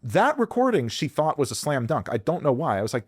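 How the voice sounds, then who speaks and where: Blunt, animated man giving frank advice. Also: mid-range voice, fairly quick, hardly any pauses, no room sound, clean studio sound. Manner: blunt, profane, animated, acts out quoted voices. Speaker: employment lawyer guest. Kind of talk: candid advice in a podcast interview.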